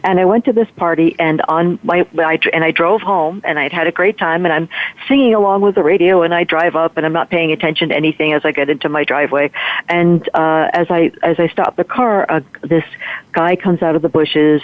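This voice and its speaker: A woman guest and author telling a personal story in an animated way, with many restarts. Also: low-pitched, dry recording. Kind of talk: storytelling in a conversation. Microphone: phone line. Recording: tinny phone line.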